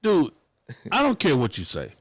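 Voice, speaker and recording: A man with a Southern US accent hosting a casual opinion talk show, animated and profane, slipping into mock-pleading bits. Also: on the high side, normal speed, dry recording.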